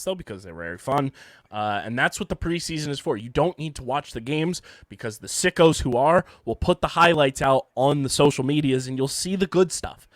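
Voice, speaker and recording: A man hosting a casual sports podcast, hoarse from having partly lost his voice, ranting and joking at himself. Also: medium pitch, no room sound. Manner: ranting, self-mocking banter. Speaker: podcast host. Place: home studio.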